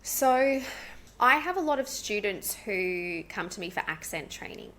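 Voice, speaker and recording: An Australian woman, an English pronunciation coach, explaining her teaching earnestly and practically in an interview, slowing down to demonstrate word stress. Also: medium pitch, very animated, fairly bright tone. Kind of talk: explanatory casual interview talk.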